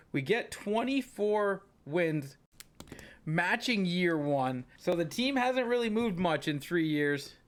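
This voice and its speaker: A young man giving casual, chatty commentary on his sports game, thinking aloud and bursting into excitement. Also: a little high. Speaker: gaming channel host. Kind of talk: gameplay commentary.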